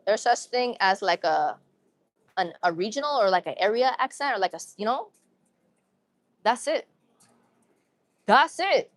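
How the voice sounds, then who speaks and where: A woman's voice: mid-range voice, lively intonation, moderate pace, pauses often, no echo. Chatty young woman with New England accent. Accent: New England with urban slang. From Massachusetts, New England. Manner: chatty, repeats phrases, upbeat. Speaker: livestreamer. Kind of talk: casual live-stream chat with viewers.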